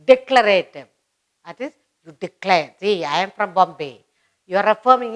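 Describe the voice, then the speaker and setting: A woman's voice: mid-range voice, expressive, moderate pace. A woman teaching a children's grammar lesson, repeating each example sentence and explaining it step by step. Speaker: English teacher.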